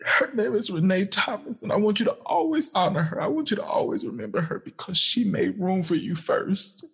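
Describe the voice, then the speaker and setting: A tearful man speaking to his younger self in a halting, heartfelt personal address, with sighs and pauses between phrases. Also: sits high, lively intonation, vocal fry, fairly bright tone, husky.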